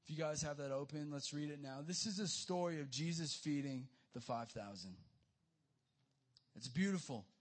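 Young guy youth pastor preaching, pumped up and casual, kinda high voice. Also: normal speed. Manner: energetic, casual, addresses listeners as guys and dude. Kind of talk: youth sermon.

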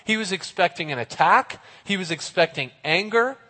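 Playful preacher man, animated and audience-involving, a bit high-voiced, long hall reverb. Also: normal speed. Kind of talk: lively youth sermon.

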